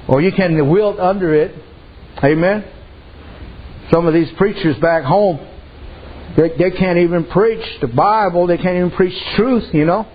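A man's voice: high voice, moderate pace, dull audio, slight background noise. A man preaching a sermon, telling folksy stories and dropping frequent amens.

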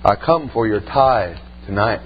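A preacher putting on a low, menacing stranger. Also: male voice, animated, a little slow. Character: menacing stranger man claiming godlike power. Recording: slightly muffled with faint hum.

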